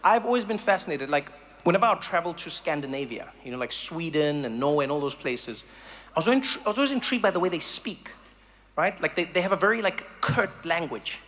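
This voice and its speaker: A man from Africa, doing animated live stand-up comedy and storytelling. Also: on the high side, fast talker. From South Africa. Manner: animated storytelling, acts out voices.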